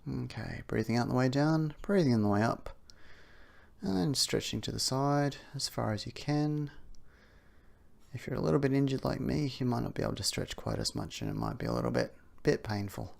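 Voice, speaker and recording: A man leading an outdoor exercise warm-up, talking through the moves with chatty asides. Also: mid-range voice, expressive, brisk, vocal fry. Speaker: exercise instructor. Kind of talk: guided warm-up instruction. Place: outdoors on a windy day.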